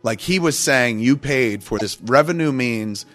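A man's voice: mid-range voice, lively intonation, a little slow, fairly bright tone. A man casually telling a long, rambling, profane story on a podcast, acting out what everyone said. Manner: profane, rambling, acts out quotes.

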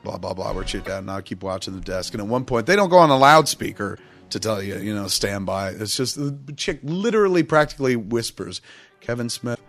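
A man's voice: on the low side, lively intonation, fairly quick, creaky, fairly bright tone, faint music behind. A man casually telling a long, rambling, profane story on a podcast, acting out what everyone said. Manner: profane, rambling, acts out quotes.

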